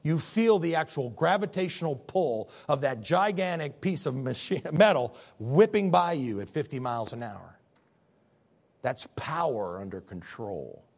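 A man preaching a sermon as pastor, telling stories with animated swings between loud bursts and quiet, low passages. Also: unhurried.

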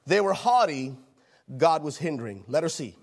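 A man preaching a sermon, animated, repeating phrases and acting out the voices in the scripture he reads. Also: fairly high pitch, normal speed, vocal fry.

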